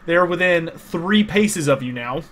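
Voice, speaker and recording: A man's voice: on the high side, expressive, a little slow, a bit bright, a little hiss or hum. A man narrating a tabletop game as game master, explaining the rules patiently with many small hesitations.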